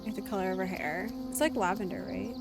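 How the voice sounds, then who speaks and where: A woman streaming a game live in casual, chatty commentary at a desk mic. She sounds animated and giggly, with a mid-range voice. Game music plays clearly behind her. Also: medium pitch, fast.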